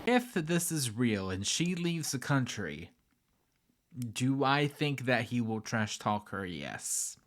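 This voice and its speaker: A man's voice: medium pitch, animated, slow pace, a bit bright. A man commenting on a livestream clip with wry, sarcastic asides. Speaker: reaction commentator.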